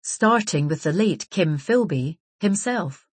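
A woman narrating a novel in a measured, even way. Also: fairly low pitch, slightly rough, no room sound. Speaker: audiobook narrator. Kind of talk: scripted narration.

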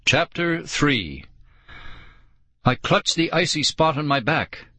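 A man giving a scripted narration of a children's audiobook, expressive and doing voices for each character. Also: on the high side, slow, slightly rough, no echo.

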